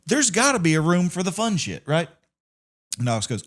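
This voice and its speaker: Animated man telling stories. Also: sits high, brisk. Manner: animated storytelling, swearing, laughing often. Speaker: podcast co-host. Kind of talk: casual chat.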